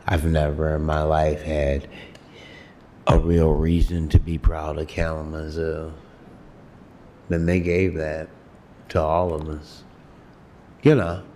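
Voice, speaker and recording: Very deep, slow, flat-voiced man. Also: slight background noise. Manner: slow, reflective, hesitant with fillers. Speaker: public commenter. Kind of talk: public comment at a city meeting. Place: city commission chambers.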